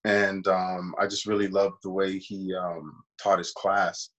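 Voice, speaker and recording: A man's voice: sits low, little pitch movement, unhurried, fairly bright tone, low-quality recording. A man, an actor, casually telling a long personal story in an interview and acting out the voices of people he quotes. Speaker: actor guest.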